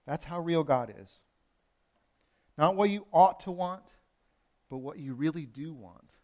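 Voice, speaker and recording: A pastor delivering a sermon in a conversational way, moving from loud emphasis to hushed lines, with playful asides to the congregation. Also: male voice, fairly high pitch, a little slow. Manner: conversational preaching with wide swings from loud to hushed.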